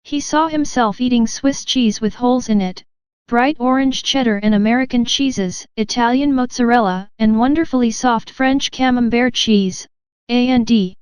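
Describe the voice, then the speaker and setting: A woman narrates an audiobook in a steady, even reading. Her voice sits fairly high and is very clear and smooth. The recording is close and dry, with no room sound. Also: normal speed, no room sound. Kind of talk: scripted narration.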